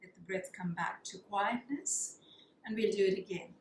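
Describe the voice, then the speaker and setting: A woman teaching a yoga class, guiding breathing practices in a calm, soothing way and counting the breaths. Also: mid-range voice, normal speed, slight background noise. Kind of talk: guided yoga breathing instruction. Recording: echoey room with faint ambience.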